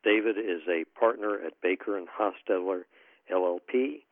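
A man opening a panel event as moderator, formally introducing the speakers in a measured way. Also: sits low, no room sound. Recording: tinny phone-like line, dry.

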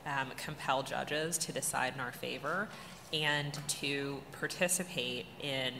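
A panelist weighs each phrase, pausing on fillers. The voice has a gravelly, creaky edge. A long hall reverb and steady background noise sit behind it. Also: mid-range voice. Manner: careful, filler-heavy. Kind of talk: panel discussion. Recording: echoey hall with audible noise.

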